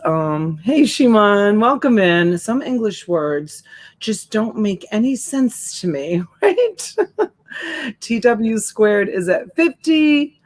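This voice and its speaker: A woman's voice: medium pitch, a little mellow. A woman hosting a live-stream selling event, chatting casually, reading viewer comments aloud and laughing often.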